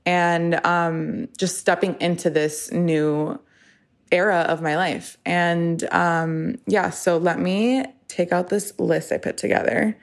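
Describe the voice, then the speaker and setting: A woman's voice: lowish voice, fairly even intonation, slow. A woman just turned thirty, hosting her own podcast in a chatty, rambling monologue full of "like" and self-deprecating asides. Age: 30s. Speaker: podcast host. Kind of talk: casual solo podcast monologue.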